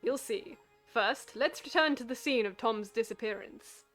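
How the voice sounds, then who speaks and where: A woman's voice: a little high, unhurried, a bit bright, soft background music. A woman voicing a courteous, formal male professor detective in a video game. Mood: polite.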